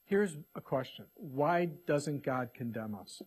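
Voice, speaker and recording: A man preaches a sermon in a husky, slightly high voice. He reads scripture aloud and moves between hushed, quiet asides and emphatic, raised declarations. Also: expressive, takes it slowly, few pauses. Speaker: pastor.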